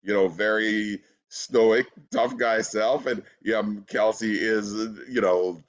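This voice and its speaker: A relaxed man chats as an interview guest, laughing easily and filling gaps with "you know". His voice sits low, and the audio sounds dull and lo-fi. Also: slow. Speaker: actor guest. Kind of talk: casual interview.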